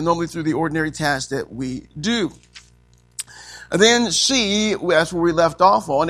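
A man preaches from a set outline in a high, light voice. He calls out questions for the congregation to answer and fills his pauses with amen. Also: fairly bright tone. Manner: call-and-response preaching, frequent amens. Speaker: pastor. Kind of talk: sermon.

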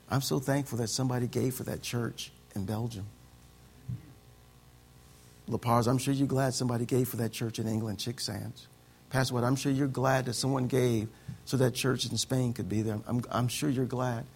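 A man preaching a sermon, acting out quoted voices and swinging from soft, quick asides to shouted lines. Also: medium pitch, fairly even intonation, slight background noise. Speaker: pastor.

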